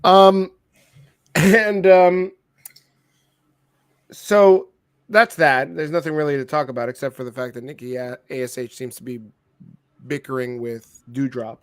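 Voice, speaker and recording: A man co-hosting a casual wrestling review show, animated and joking, swearing freely. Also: on the high side, measured pace, pauses often, smooth. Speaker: podcast co-host.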